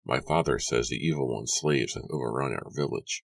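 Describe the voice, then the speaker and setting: A man with a very deep voice voicing a serious young man from a puritan village, speaking low, steady and grave. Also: moderate pace, vocal fry, full character voice. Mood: solemn.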